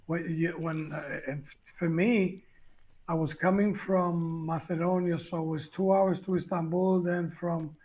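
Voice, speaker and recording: A man's voice: fairly high pitch, rough recording. A man speaking as a guest on a talk show, rambling with many fillers and restarts. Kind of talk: casual chat.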